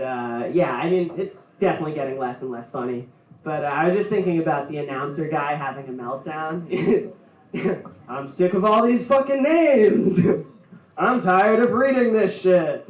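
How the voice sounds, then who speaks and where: A man doing a stand-up set at a comedy venue, rambling and laughing at his own jokes. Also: fairly high pitch. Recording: roomy, from far off.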